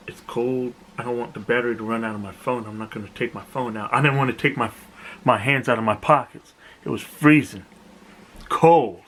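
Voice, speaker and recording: A man's voice: mid-range voice, fairly quick, slight background noise, rough recording. A young man casually telling a camp-out story, cursing and acting out what people said. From South Jersey, USA. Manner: animated, profane, acts out other people's lines. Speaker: vlogger.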